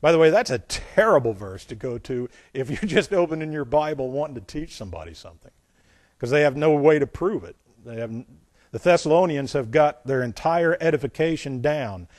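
A male pastor preaching, reading scripture aloud and then explaining it with folksy asides and dramatic swings between loud emphasis and quiet remarks. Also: fairly high pitch, lively intonation, fairly quick, dry recording. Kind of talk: sermon.

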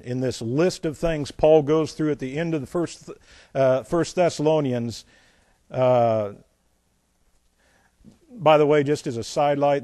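A male pastor delivers a sermon, reading scripture aloud and then explaining it with folksy asides. His medium-pitched voice swings dramatically between loud emphasis and quiet remarks, captured in a dry recording.

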